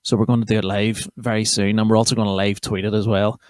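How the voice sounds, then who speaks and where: This young podcast host, a Northern Irish man from County Armagh, talks fast with a flat delivery and a voice on the low side. His casual comedy monologue is rambling, sweary and self-interrupting, and the recording has no echo.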